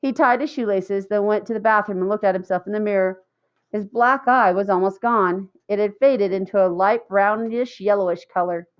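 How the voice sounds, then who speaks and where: Female audiobook narrator, steady storytelling read; lo-fi, slightly dull recording. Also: medium pitch, moderate pace, smooth. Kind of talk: scripted narration.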